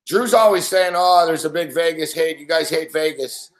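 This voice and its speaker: A man's voice: fairly high pitch, normal speed. Profane, ranting man in an echoey room. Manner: mocking impressions of others. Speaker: host. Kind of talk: ranting sports betting commentary.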